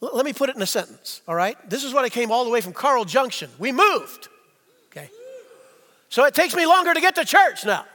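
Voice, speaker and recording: A man preaching a sermon, asking the congregation questions and slowing down to stress key phrases, with big swings between hushed and loud delivery. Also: extremely high pitch, sing-song. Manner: rhetorical questions, slows for emphasis, swings between quiet and loud. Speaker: pastor. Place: church sanctuary. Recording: long reverb in a church hall.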